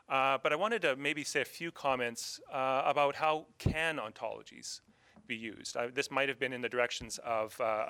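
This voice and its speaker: A man's voice: mid-range voice, sharp tone. A man from Canada presenting slides at a conference, hesitant and full of fillers. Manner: hesitant, many fillers and restarts. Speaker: panel speaker.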